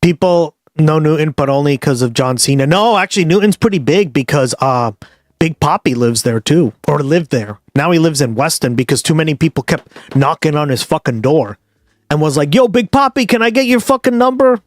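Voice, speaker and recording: A man's voice: a little high, normal speed, no room sound, studio quality. Profane rambling Boston-area streamer man. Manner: rambling, profane, addresses viewers directly. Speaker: livestream host. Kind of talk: casual live-stream chat.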